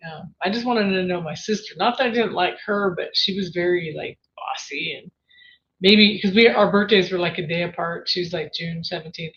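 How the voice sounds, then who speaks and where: A woman on a livestream telling an emotional family story, rambling with many restarts and fillers. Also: on the low side. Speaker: livestream host. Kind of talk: personal storytelling. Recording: dull lo-fi livestream audio with faint noise.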